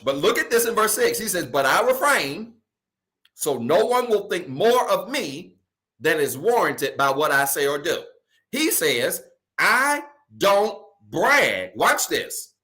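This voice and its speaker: A male pastor preaching a sermon in a casual, colloquial way, repeating key phrases and swinging from loud emphasis to soft asides. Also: high voice, sing-song, slow.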